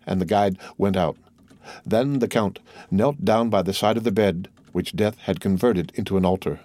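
A man narrating a classic novel in a measured, steady reading. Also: low voice, no room sound. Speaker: audiobook narrator. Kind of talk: scripted narration.

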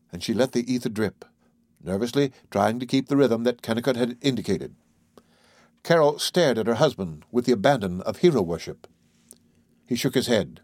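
A man narrating an audiobook in a measured, unhurried way. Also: mid-range voice, animated, darkish tone, dry recording, studio quality.

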